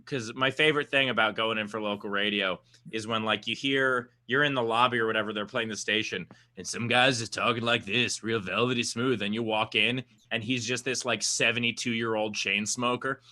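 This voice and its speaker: A man's voice: fairly low pitch, steady tone, fairly quick, few pauses, pushed and bright. A man co-hosting a comedy chat, rambling through stories with lots of "uh". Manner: rambling, storytelling with filler uhs. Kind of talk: casual comedic banter.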